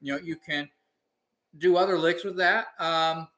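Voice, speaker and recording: A man with a fairly high voice chats loosely during a live banjo practice, explaining licks as he goes and wandering from point to point. A clear banjo rings out under his words. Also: a little slow, faint music behind. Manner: relaxed rambling explanation with sung snippets. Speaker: banjo teacher. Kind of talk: casual live practice chat.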